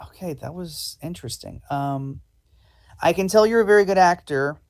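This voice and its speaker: A man's voice: high-pitched, normal speed. A man hosting a live improv show and playing a polite, hesitant casting director. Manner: polite, hesitant with many ums.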